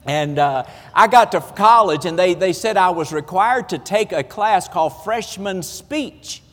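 A man's voice: sits high, lively intonation, measured pace, a bit bright, long reverb tail. A man with a Southern US accent preaching a sermon, telling folksy, self-deprecating stories with humor. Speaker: pastor.

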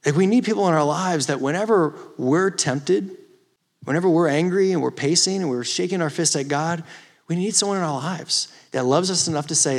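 A man preaching a youth ministry sermon, rising from quiet storytelling to impassioned, emphatic exhortation. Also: fairly high pitch, brisk. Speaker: youth pastor. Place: church or youth hall.

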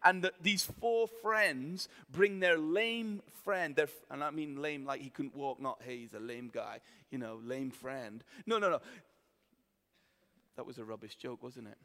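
A man preaching a sermon, telling the story in a lively, colloquial way and acting out the voices of the people in it. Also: on the high side, measured pace. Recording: long reverb of a hall.

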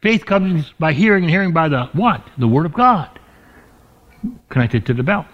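A male pastor delivers a sermon with emphatic, drawn-out stresses on key words. His voice sits fairly high, and he often sinks lower to drive a point home. The recording is dull and lo-fi. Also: very animated. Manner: emphatic preaching, stretching key words and dropping low for stress.

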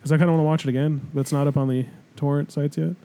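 A man's voice: fairly high pitch, level tone, racing, dark tone. A young man co-hosting a podcast in casual chat, rambling and swearing freely. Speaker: podcast co-host.

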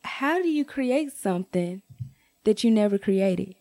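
A young adult woman telling a casual storytime rant to her viewers, blunt and profane, with jumps to high exclamations. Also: measured pace. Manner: animated, swings to high exclaims. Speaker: vlogger.

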